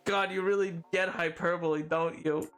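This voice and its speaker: A man's voice: fairly high pitch, steady tone, normal speed, a bit bright. Playful man streaming over faint music. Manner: playful, bantering with chat, mock-indignant. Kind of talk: casual live-stream chat while gaming.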